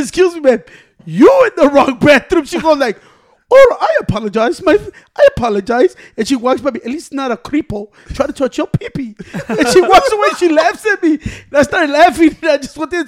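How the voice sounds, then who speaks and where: A young man telling stories in casual chat among friends, animated and profane, often laughing as he talks. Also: very high voice.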